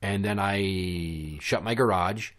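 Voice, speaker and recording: A podcast host with a low, slightly bright voice takes it slowly as he tells a story. It comes out as a casual rant that's blunt, sarcastic, and profane.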